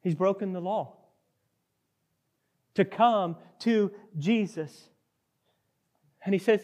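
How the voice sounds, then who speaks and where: A man delivers a sermon with earnest, emphatic conviction, his voice sitting a little high for a man. He presses on key words and sometimes slips into a pleading character voice to bring the story alive. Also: animated, slow pace, long pauses, a little mellow. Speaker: pastor.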